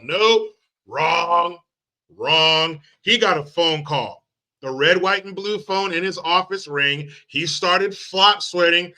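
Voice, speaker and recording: A man hosting a political commentary video, ranting in a mocking, profane and animated way. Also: on the high side, a little slow. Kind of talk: comic political rant vlog.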